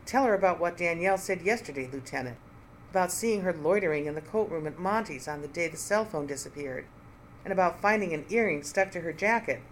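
A reader voicing a shrill, insistent female coworker who keeps making accusations in an audiobook. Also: lively intonation, a little fast, slight background noise, close to an everyday voice. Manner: insistent, high and emphatic.

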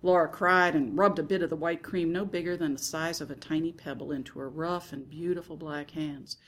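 A woman narrating a first-person literary story in a soft, hushed, intimate reading. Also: low voice, fairly even intonation, a little fast. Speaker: audiobook narrator.

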